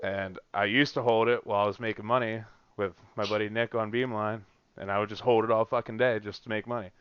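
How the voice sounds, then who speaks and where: A man hosting a casual podcast, telling a story in an animated way with a lot of swearing and laughter. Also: lowish voice, fast talker, clear, resonant tone. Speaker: podcast host. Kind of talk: casual chat. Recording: dull lo-fi dry recording.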